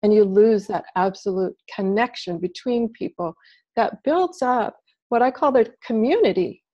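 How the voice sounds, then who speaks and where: A woman guest talking casually as a body language expert over a video call, animated and playing out little quoted voices. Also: medium pitch, normal speed. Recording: dull lo-fi video call audio.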